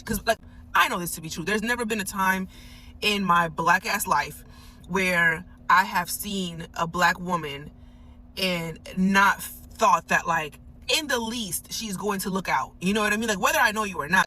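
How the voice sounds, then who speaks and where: A young woman with a bright, forceful voice tells a story straight to camera from her parked car. She talks casually and emphatically, with frequent swearing. A faint bit of ambient noise sits under her voice. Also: lowish voice. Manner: animated, emphatic, swears freely. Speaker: vlogger telling a personal story.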